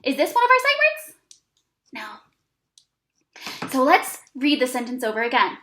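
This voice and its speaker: High, animated woman teaching young children. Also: reverberant, a little hiss or hum. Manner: slow, exaggerated, encouraging teacher talk with praise. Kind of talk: early reading lesson for young children.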